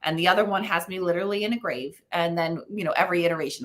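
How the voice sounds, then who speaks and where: A woman parenting expert, a guest on an interview show, explaining strategies and telling anecdotes in an animated way with frequent fillers. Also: on the low side, rapid-fire. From United States. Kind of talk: conversational interview.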